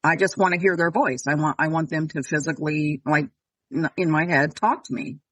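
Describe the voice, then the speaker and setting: Earnest woman guest, halting and heartfelt. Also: low-pitched, steady tone, fairly bright tone, husky, no room sound, low-quality recording. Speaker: podcast guest. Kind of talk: casual podcast conversation.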